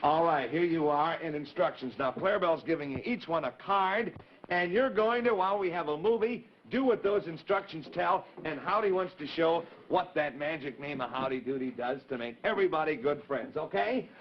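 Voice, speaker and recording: A man's voice: a little high, normal speed. A man hosting a live 1950s children's TV show, cheerfully talking with kids in the audience, heard through a dull old broadcast recording with faint hiss. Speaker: children's TV host.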